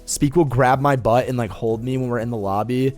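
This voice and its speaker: A man's voice: mid-range voice, a little fast, darkish tone, soft background music. A young adult man streaming a game and telling a story in a casual, profane, rambling way. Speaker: gaming streamer. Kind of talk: casual storytelling while gaming.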